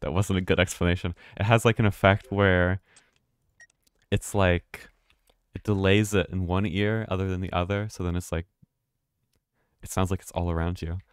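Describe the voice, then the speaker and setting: A man with a low voice chats loosely while playing a game on stream, wandering from thought to thought and swearing freely. The sound is dry and close, with no room behind it. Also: flat delivery, normal speed, pauses often, clean tone, no echo. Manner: rambling, chatty, swears and laughs often. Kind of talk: casual live gameplay commentary.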